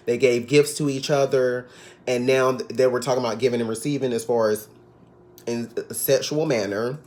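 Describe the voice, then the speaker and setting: A man's voice: mid-range voice, steady tone, normal speed, darkish tone. A man giving a casual, sassy recap of a reality TV episode, gossiping and now and then mimicking the cast. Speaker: TV recap vlogger.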